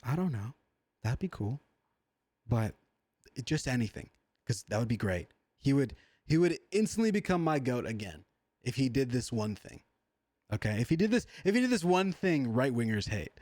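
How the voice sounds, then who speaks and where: Man, livestream reaction, excitable, profane, slangy, dry close sound. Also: medium pitch, moderate pace, long pauses, no room sound. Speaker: streamer.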